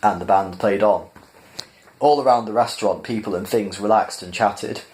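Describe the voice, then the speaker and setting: A man reading a novel aloud in a measured, plain narrating style. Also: lowish voice, darkish tone. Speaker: reader. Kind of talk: audiobook-style storybook reading.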